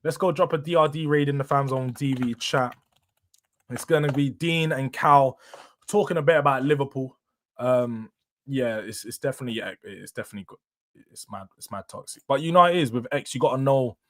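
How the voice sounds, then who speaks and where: A man's voice: mid-range voice, fairly quick, fairly bright tone. A young man hosting a casual live stream, talking slangy and laughing often as he chats with viewers. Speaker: livestream host.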